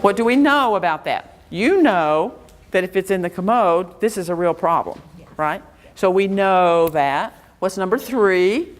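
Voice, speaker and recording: A woman's voice: fairly low pitch, animated, unhurried. A woman educator giving an interactive workshop lecture, quizzing her audience with a string of questions in a room before a live audience.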